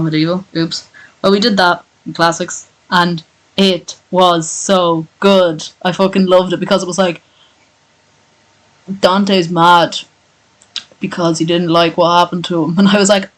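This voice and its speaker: A woman streamer talking at an unhurried, drawn-out pace, rambling and swearing in casual chat. Her voice sounds sore and exhausted after hours of reading aloud. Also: fairly low pitch, little pitch movement, rough recording. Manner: profane, rambling and tired.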